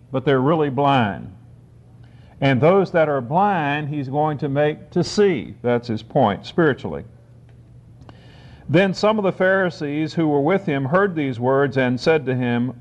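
A man giving a sermon, reading scripture aloud and explaining it, slowing down to stress key phrases. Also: medium pitch, a little mellow. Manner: deliberate, slows for emphasis on key phrases. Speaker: preacher. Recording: dull lo-fi recording.

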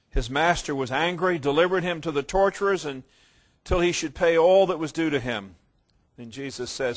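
Man preaching with a slightly high voice. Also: moderate pace. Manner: storytelling, swings from quiet reflection to loud emphasis. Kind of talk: sermon.

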